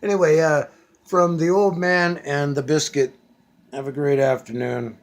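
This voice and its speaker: A man's voice: a little high, steady tone, a little slow. A man in his fifties ranting casually from a back bedroom at home, blunt and profane, with many fillers. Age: 50s. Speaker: vlogger.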